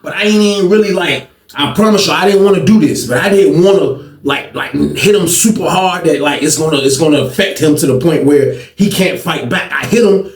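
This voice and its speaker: Man, high voice, slangy storyteller, animated, roomy echo. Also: fairly quick, few pauses. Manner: animated, slangy, acts out scenes. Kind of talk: casual storytelling. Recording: roomy sound from a distant mic.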